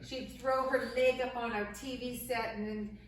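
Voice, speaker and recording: A woman telling a childhood story in casual chat, laughing often and animated as she talks. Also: a little high, normal speed, very echoey, distant mic, heavy background noise.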